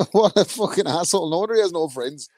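A man on a podcast, telling boxing stories in an animated, sweary way. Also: high voice, no echo. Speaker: podcast co-host. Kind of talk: casual boxing chat.

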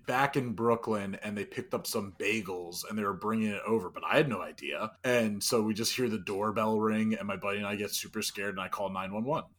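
A man's voice: on the low side, brisk, hardly any pauses, a bit bright. A man in his thirties from New Jersey, co-hosting a podcast in casual chat, rambling with lots of fillers and restarts. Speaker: podcast co-host.

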